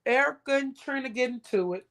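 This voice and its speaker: A woman's voice: sits high, a little fast. A woman hosting a livestream, giving casual gossip commentary in a rambling way and often repeating her words. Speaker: livestream host.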